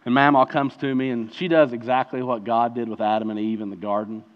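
Preacher telling a story in an echoing hall. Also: male voice, medium pitch, steady tone, a little fast. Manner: storytelling, building to impassioned preaching. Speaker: pastor. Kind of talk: sermon. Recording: reverberant hall, dull lo-fi sound.

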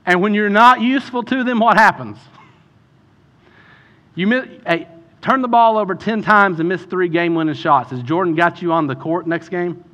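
Impassioned bright-voiced male pastor. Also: sits high, normal speed. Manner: impassioned, builds to shouting then softens into prayer. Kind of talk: sermon.

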